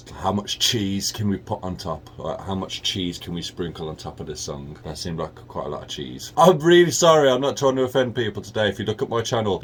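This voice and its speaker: A man's voice: on the low side, slight background noise. A British man hosting a reaction video, rambling in a chatty way with lots of "like". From United Kingdom. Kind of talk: casual reaction commentary.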